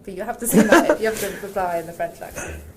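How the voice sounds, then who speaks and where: A woman's voice: medium pitch, fast, noisy background. A woman interviewing an actor, reading out fan questions in a playful, teasing way and laughing often. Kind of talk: casual interview chat.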